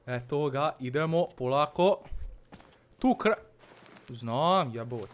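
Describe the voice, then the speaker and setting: In an expressive high voice, with slight background noise, the host comically narrates a horror game as a boastful Balkan village man who claims no fear. He wavers between broken English and Bosnian, cursing a lot and muttering nervously to himself.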